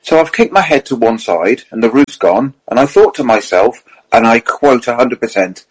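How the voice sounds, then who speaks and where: A husky-voiced man in middle age, spinning racing stories with lively quotes and quick self-corrections. His pitch sits mid-range for a man, and the talk stays casual. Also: rough recording. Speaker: podcast co-host and racing driver. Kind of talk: casual chat, anecdote telling.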